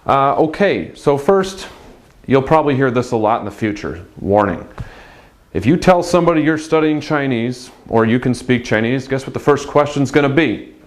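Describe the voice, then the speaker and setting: A man teaching a beginner language lesson, patiently explaining and repeating phrases slowly for practice. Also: mid-range voice, animated.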